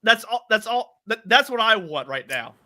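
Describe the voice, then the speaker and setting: A man's voice: high-pitched, very animated, moderate pace, pushed and bright. A man co-hosting a casual movie review podcast, rambling with many fillers. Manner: rambling, heavy on fillers like 'like'. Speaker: podcast co-host.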